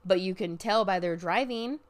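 A young woman ranting casually as a podcast host, swearing freely and bursting into loud outbursts. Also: mid-range voice, normal speed. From Oregon, US. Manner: animated, profane venting with sudden loud outbursts.

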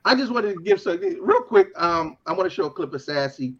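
A man hosting a podcast, talking casually and taking calls with loud joking banter and swearing. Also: high voice, animated, brisk, dull audio. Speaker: podcast host. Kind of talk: casual chat taking call-ins.

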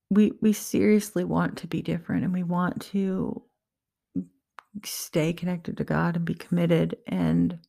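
A woman's voice: fairly low pitch, creaky. A woman giving an earnest, heartfelt personal faith talk to her viewers, encouraging them. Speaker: Christian vlogger.

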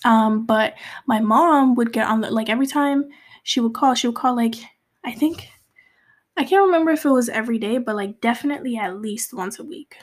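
A woman's voice: on the high side, a little fast. A young woman from Cape Verde telling a personal story in a casual, confessional way, full of fillers and restarts, sometimes dropping to a whisper. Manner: rambling, many fillers and restarts, drops to a whisper at times.

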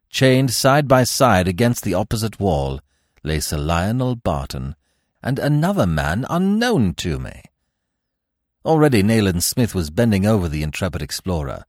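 A man narrating a classic adventure story in a theatrical, highly expressive reading. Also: no echo, studio quality. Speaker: podcast narrator. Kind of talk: dramatic audiobook narration.

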